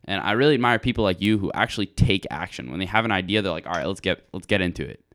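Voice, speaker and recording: A young man in his late teens, co-hosting a casual chat and teasing his friend with excitable energy. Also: low voice, rapid-fire, dry recording, clean studio sound.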